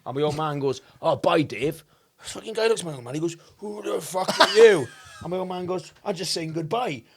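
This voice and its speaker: A man's voice: fairly high pitch, expressive, fast talker, a little hiss or hum. A man trading crude jokes and reading a sponsor spot in casual podcast chat. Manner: crude banter, says mate a lot. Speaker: podcast co-host.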